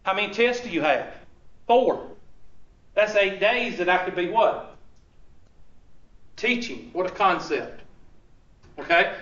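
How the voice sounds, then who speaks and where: A man's high, sharp voice carries across a large classroom as he gives a college lecture laced with teasing sarcasm and rhetorical questions. He stands far from the mic, and the recording comes out dull and echoing.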